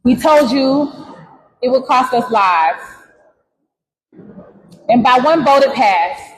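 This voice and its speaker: An organizer giving a forceful advocacy speech and asking pointed questions. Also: high-pitched, expressive, slow pace. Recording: distant voice with long reverb.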